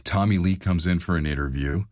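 Man, middle-aged, extremely low voice, ex-radio DJ, casual storytelling, dry close sound. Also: fairly quick, no room sound. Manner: animated anecdotes, acts out quotes with big pitch jumps. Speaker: interview guest, former radio DJ and voiceover artist.

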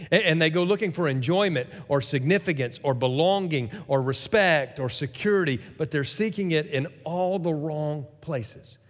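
A man preaching a sermon, telling a story with lively acted-out quotes. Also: a little high, in a large hall. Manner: animated storytelling, acts out quoted voices. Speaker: pastor.

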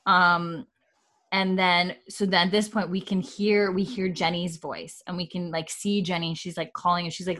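A woman's voice: fairly low pitch, a bit bright. Chatty woman recapping an episode. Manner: chatty, lots of fillers, acts out quotes. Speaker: podcast host recapping an episode. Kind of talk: casual chat.

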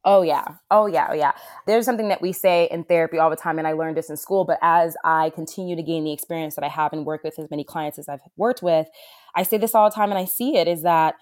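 A woman's voice: low-pitched, fast, a little mellow, no room sound, studio quality. A woman therapist talking in an interview, earnest and heartfelt, with lots of fillers. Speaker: wilderness therapist for adolescent boys. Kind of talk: conversational interview.

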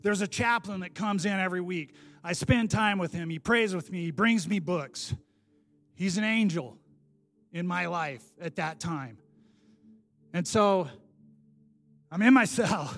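A man preaching his personal testimony in a sermon, animated and self-deprecating, laughing at himself and swinging from loud bursts to hushed asides. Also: sits high.

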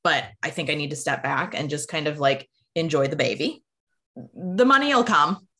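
A woman's voice: sits low, lively intonation, moderate pace, bright, forceful tone. A woman co-hosting a podcast, talking candidly and reflectively in casual chat. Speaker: podcast co-host.

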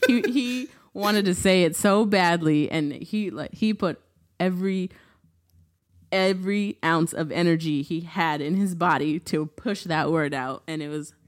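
A young woman co-hosting a podcast in casual chat, laughing often as she tells animated stories. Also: lowish voice, a little slow. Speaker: podcast co-host.

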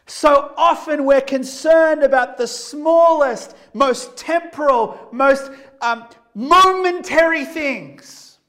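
A man's voice: extremely high pitch, fairly bright tone. A male pastor preaching a sermon emphatically, piling up rhetorical questions and repeated phrases.

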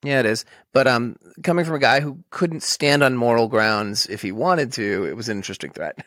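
A podcast co-host in a casual chat, animated and joking, laughing often while recapping a show. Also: medium pitch, a little fast, no room sound, clean studio sound.

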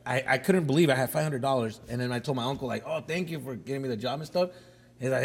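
A man co-hosting a studio podcast, telling animated stories in casual chat and mixing in Spanish slang. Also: mid-range voice, fast talker, creaky, breathy edge, long reverb tail. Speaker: podcast co-host, comedian.

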